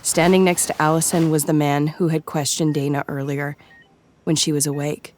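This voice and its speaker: A woman giving measured, scripted audiobook narration. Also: low-pitched, little pitch movement, a little mellow, slight background noise.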